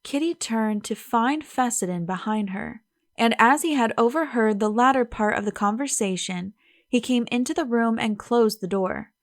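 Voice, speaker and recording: Woman audiobook narrator, measured and even, a touch high, dry booth sound. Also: no room sound. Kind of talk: scripted narration.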